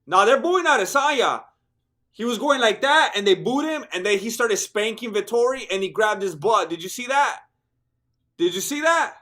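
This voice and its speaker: Hoarse, high-voiced man commentating. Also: normal speed. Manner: excitable, joking, sprinkles Spanish slang. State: hoarse, worn-out voice. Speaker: fight watch-along host. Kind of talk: live fight commentary.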